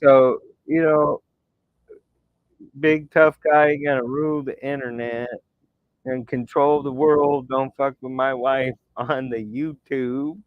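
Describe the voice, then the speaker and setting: A man's voice: medium pitch, steady tone, measured pace, smooth, no echo. A man ranting with scorn and a lot of swearing, giving commentary over screenshots. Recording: dull lo-fi dry sound.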